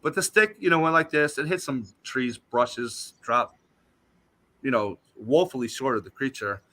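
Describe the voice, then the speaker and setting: Bright-voiced man telling a story. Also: medium pitch, unhurried. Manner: animated, emphatic retelling that acts out what he said. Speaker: guest. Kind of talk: casual storytelling on a talk show.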